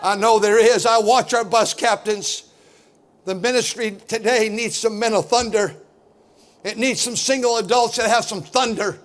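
A middle-aged man preaching a fiery sermon as pastor, loud and boisterous, building to shouts. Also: sits high, fairly even intonation, moderate pace.

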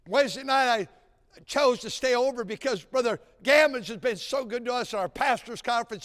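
A man preaching a sermon, telling folksy stories and building to shouted exhortation. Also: very high-pitched. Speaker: pastor. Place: large church sanctuary. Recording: church sanctuary with long reverb.

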